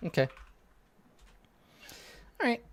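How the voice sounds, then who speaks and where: Relaxed man running a tabletop game. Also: slow pace, dry recording. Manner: loose, filler-heavy describing with many "like"s. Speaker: game master.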